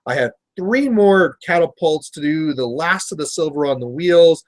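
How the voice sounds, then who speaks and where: Chatty Canadian man, slightly high voice. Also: expressive, moderate pace. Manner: rambling storyteller, chatty with viewers. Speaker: miniature painting livestream host. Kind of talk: casual chat while painting.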